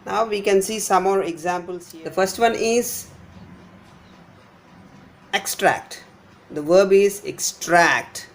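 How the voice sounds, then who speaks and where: A middle-aged man with an Indian English accent teaching a pronunciation lesson, repeating words slowly with exaggerated stress. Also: high voice, a little mellow, a little hiss or hum. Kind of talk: slide-based pronunciation lesson.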